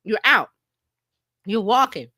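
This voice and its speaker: A middle-aged woman marketing coach giving a lively workshop presentation, talking breezily and filling gaps with a playful "da, da, da.". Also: mid-range voice, slow pace, no room sound, clean studio sound.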